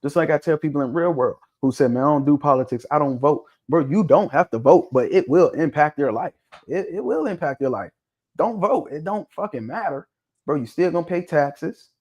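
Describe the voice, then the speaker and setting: A man hosting a casual talk show discussion, talking bluntly and swearing freely, with an animated, preaching tone. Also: a little high, fairly quick. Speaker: podcast host.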